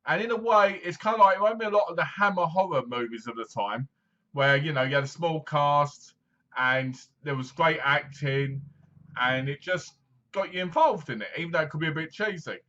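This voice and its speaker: Chatty man with a bright voice. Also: a little high, expressive, normal speed, highs cut off. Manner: rambling, chatty, full of fillers. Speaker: film reviewer. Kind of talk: casual movie review.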